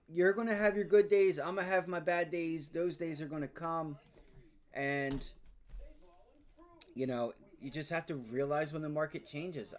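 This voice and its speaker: A man hosting a live day-trading stream, frustrated and swearing, muttering to himself as he talks to viewers. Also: fairly high pitch. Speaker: day trading livestream host.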